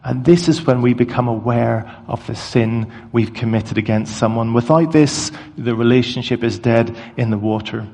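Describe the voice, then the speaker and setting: A middle-aged man giving a conversational, self-deprecating sermon with short pauses and fillers. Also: mid-range voice, steady tone, darkish tone. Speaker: preacher. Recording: long hall reverb.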